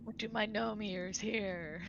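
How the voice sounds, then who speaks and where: A woman's voice: medium pitch, steady tone, slow, lo-fi sound, background noise. A woman playing a tabletop game, chatting in a playful, jokey way. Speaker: player. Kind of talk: casual tabletop game chat.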